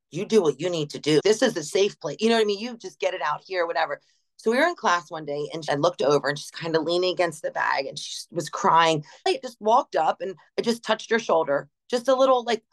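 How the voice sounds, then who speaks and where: Lady gym manager chatting away, lively, acts out what people said, lowish voice. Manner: animated, laughing, acts out quotes. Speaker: gym general manager, guest. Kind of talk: casual interview storytelling.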